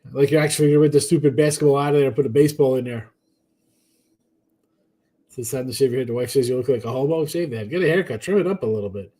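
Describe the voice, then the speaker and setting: A man's voice: medium pitch, quick pace, dark tone. Man, sports betting host, casual rambling chat, tired, greets viewers by name. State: tired, yawning. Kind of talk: casual live-stream chat reading viewer comments.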